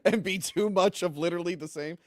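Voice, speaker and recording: A man's voice: high voice, brisk, a little mellow, no echo. Joking man in a dry podcast chat. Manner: joking, laughs often, acts out quotes. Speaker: guest film reviewer.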